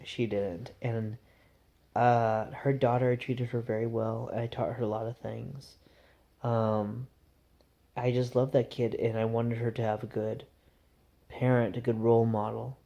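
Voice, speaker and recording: A man's voice: medium pitch, little pitch movement, a little slow, vocal fry, dark tone, lo-fi sound. A man telling a rambling, conversational story to camera in a casual vlog. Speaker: vlogger.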